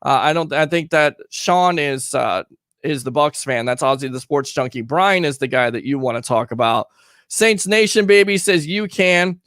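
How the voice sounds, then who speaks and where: An energetic man hosting a live sports talk show, reading fan comments aloud with plenty of emphasis. His voice sits high for a man and comes across dry and close, with no room sound around it. He talks like a host keeping a call-in show rolling. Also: normal speed, no room sound.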